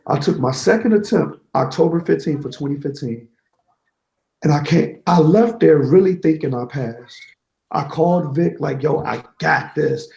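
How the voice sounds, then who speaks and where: Interview guest, male: gravelly, candid storyteller, echoey room. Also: a little high, normal speed. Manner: candid, animated storytelling with quoted dialogue. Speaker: guest, certified network engineer.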